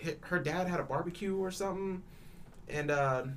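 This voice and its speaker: Animated young man telling a story. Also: high-pitched, moderate pace, a little hiss or hum. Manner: animated, laughs often, repeats and restarts words, swears freely; acts out both sides of quoted dialogue. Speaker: podcast panelist. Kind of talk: casual storytelling chat.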